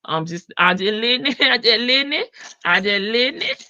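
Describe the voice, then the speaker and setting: A brash, sassy woman hosts a live stream, cursing freely and laughing often. Her voice is bright and a touch high. The sound is dull and lo-fi, with a dry, close feel. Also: lively intonation, normal speed, dry recording. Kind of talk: casual live-stream commentary. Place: home in Las Vegas.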